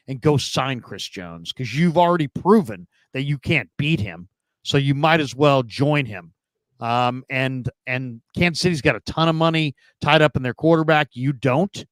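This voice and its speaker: Sports panelist, male, opinionated, smooth and clear, dry close sound. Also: medium pitch, a bit bright, dry recording. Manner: opinionated, thinking aloud with restarts. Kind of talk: casual sports talk.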